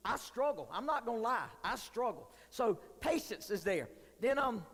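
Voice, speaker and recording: Man, youth pastor, very high pitch, long hall reverb, candid joking sermon. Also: sing-song, moderate pace, a bit bright. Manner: joking, confessional preaching. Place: church hall.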